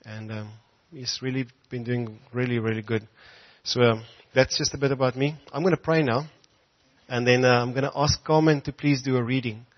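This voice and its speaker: Male preacher, fervent prayer, dull lo-fi sound, mid pitch. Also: fairly even intonation, moderate pace. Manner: fervent, repeats "Lord" and "God". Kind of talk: church prayer.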